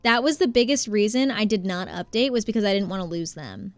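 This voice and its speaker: Her medium-pitched, expressive voice comes through a dry recording as this New Jersey woman streams her play live. She chats casually, reads and thanks her chat, and is quick to exclaim.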